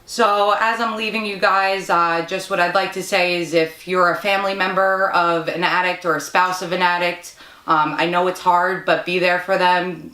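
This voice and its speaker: A woman guest giving sincere interview answers, with frequent pauses to gather her words. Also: on the low side, a bit bright. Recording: roomy echo.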